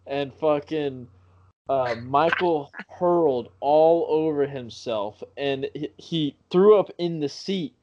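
A man's voice: on the high side, slow, background noise. Young guy rambling thru a story, swears a lot, dull lo-fi sound. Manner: profane, rambling, self-correcting. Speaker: podcast guest. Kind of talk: casual storytelling.

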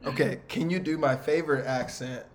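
A man's voice: mid-range voice, steady tone, a little fast. A man hosting a casual podcast, asking teasing, jokey questions. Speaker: podcast host. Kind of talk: casual chat.

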